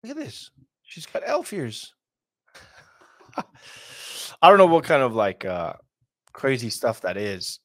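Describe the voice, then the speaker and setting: A man's voice: medium pitch, wildly swooping pitch, a little slow, long pauses, fairly bright tone, dry recording. A man hosting casual reaction commentary in a slangy way, with lots of fillers. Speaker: host.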